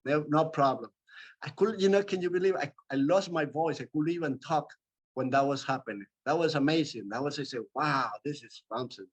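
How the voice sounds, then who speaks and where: South american guy rambling through a personal story, kinda high voice, lots of restarts. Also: fairly quick, husky, low-quality recording. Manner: rambling, with frequent restarts and asides to the listener. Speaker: presenter of a medical talk series.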